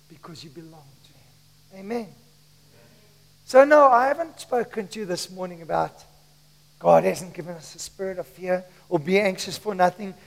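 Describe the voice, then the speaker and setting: Very high-voiced man preaching in a hall. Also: gravelly. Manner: emphatic, calls on the congregation to repeat lines. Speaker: pastor. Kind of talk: sermon. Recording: long reverb of a church hall.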